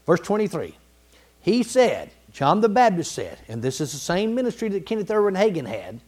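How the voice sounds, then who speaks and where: A man preaching a sermon in a folksy, colloquial way, building to emphatic repeated phrases and clearing his throat now and then. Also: high voice, huge pitch swings, moderate pace, a little mellow. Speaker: pastor.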